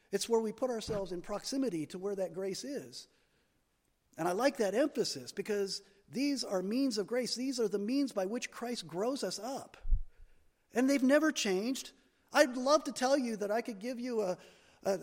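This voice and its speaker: A male pastor preaching a sermon in a church, animated and building to emphatic peaks. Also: high voice, big-room sound.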